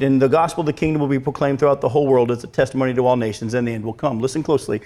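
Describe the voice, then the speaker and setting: Speaking very fast with few pauses, this man delivers a sermon as a pastor in a mid-range voice. He animatedly performs scripture lines and engages the congregation with questions.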